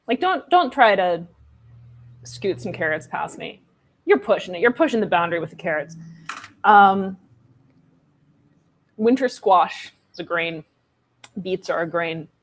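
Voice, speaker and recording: A woman co-hosting a livestream, chatting playfully and rambling, often laughing. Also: lowish voice. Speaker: livestream co-host. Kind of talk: casual chat.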